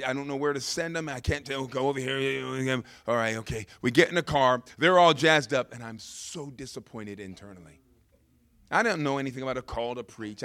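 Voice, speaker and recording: A male pastor preaching a sermon and telling a story, moving from hushed reflection to loud, shouting excitement. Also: mid-range voice, dry recording, studio quality.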